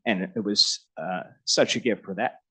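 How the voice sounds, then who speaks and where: A man's voice: fairly low pitch, normal speed, sharp tone, husky, poor audio. A middle-aged man on a lecture panel telling a personal anecdote about his mentor, laughing often and growing emotional as he talks.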